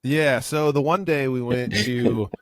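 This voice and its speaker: A man talking casually on a podcast, recalling a trip in a relaxed, rambling way. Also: mid-range voice, measured pace. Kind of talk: casual chat.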